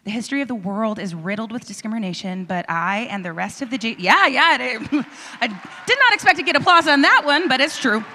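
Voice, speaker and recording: Bright-voiced woman hosting in a hall. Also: on the high side, animated, fairly quick, slight background noise. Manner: enthusiastic, emotional, rallying. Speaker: host. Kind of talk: energetic stage address to a young audience. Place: large auditorium stage. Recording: reverberant hall.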